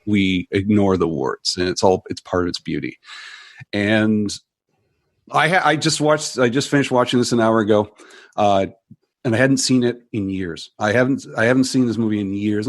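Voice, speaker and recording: A podcast panelist, a man speaking at a middling pitch, talks with emphatic, animated energy. He hammers home his points in relaxed, casual chat. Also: dry recording, studio quality. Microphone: headphones with mic.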